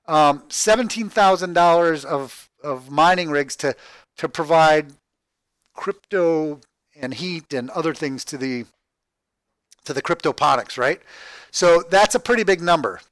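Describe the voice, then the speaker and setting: Halting, rambling man thinking aloud. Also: on the high side, lively intonation, fairly bright tone, no echo. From Texas, USA. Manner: halting, repeats words, thinks aloud, tags "right?". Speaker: crowdfunding project vlogger. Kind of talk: rambling screen-share walkthrough.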